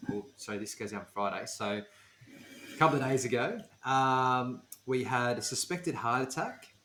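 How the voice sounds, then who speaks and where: A man's voice: medium pitch, moderate pace, bright, forceful tone, slight background noise. A man co-hosting a podcast, telling work stories in a plain, matter-of-fact way and cracking dad jokes. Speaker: podcast co-host. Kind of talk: casual chat. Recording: roomy echo.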